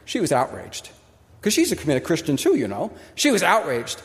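A male pastor delivers an expressive sermon in a high, lively voice that rises and falls sharply. He stresses key words with pauses and mimics the people he quotes. The sound carries a long reverb from a large hall.

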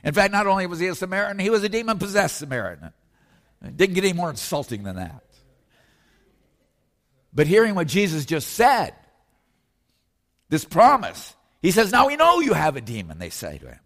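Emphatic preacher in an echoing hall. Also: male voice, high-pitched, huge pitch swings, a bit bright. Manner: emphatic preaching, slows and rises on scripture. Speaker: pastor. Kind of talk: sermon. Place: church sanctuary. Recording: long reverb of a church hall.

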